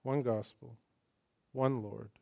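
A man preaching a sermon in church in a conversational, joking way, swinging between quiet asides and emphatic lines. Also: medium pitch, steady tone, slow, creaky. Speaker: pastor.

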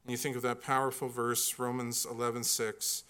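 Bright-voiced preaching man. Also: mid-range voice, monotone, normal speed, few pauses, smooth. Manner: earnest, builds to emphatic peaks on quotes. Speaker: pastor. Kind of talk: sermon.

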